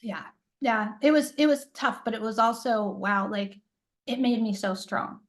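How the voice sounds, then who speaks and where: A woman's voice: on the high side, unhurried, low-quality recording. A middle-aged woman telling a personal story in a casual interview, rambling with lots of fillers and acting out what people said. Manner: rambling, filler-heavy storytelling, acts out quoted dialogue. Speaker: interview guest, intuitive coach.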